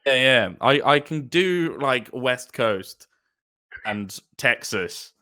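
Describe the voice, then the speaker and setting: A young man chatting as a podcast guest, animated and casual, and swearing freely. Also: medium pitch, takes it slowly. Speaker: guest, D&D player.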